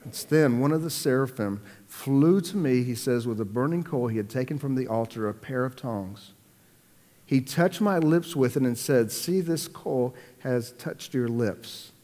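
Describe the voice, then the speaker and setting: A man preaching a sermon, repeating words for emphasis and swinging between loud, raised lines and hushed ones. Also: mid-range voice, unhurried, in a large hall. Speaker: pastor.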